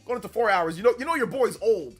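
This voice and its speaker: A man's voice: high-pitched, lively intonation, quick pace, breathy edge, soft background music. A man hosting a casual live stream, hyped up, reading out and thanking donors as he chats. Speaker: livestream host.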